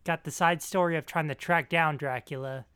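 A man's voice: fairly high pitch, fairly even intonation, moderate pace, fairly bright tone, smooth, no echo. A man co-hosting a podcast in casual chat, chiming in eagerly. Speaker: podcast co-host.

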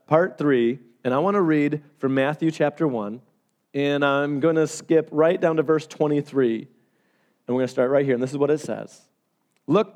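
A man preaching a sermon as pastor, telling stories with animated swings between loud and hushed delivery. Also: on the high side.

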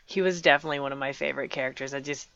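A co-host in a casual book discussion, asking curious questions, full of "like" and quick laughs. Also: mid-range voice, fairly even intonation, gravelly, a bit bright, muffled recording.

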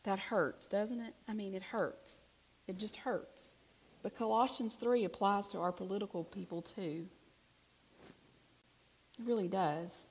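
A woman preaching a sermon, telling a personal story in a conversational way, swinging from hushed to emphatic. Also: medium pitch, steady tone, a little slow, pauses often, husky.

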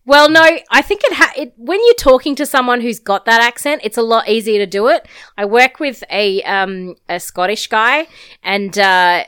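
A woman's voice: on the high side, animated, normal speed, a bit bright, clean tone, no room sound. A woman co-hosting a podcast in casual, jokey chat, often slipping into put-on quotes. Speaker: podcast co-host.

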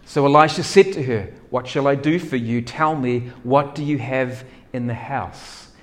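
A man preaching a sermon, acting out doubts and voices of the people in the story with big swings in loudness. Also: mid-range voice, moderate pace. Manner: animated, acts out characters' doubts with dramatic swings in loudness. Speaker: pastor.

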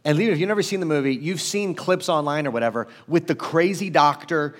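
A man preaching a sermon as pastor, emphatic and conversational, swinging from loud urgency to quiet low stretches. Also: fairly quick. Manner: conversational, self-deprecating asides.

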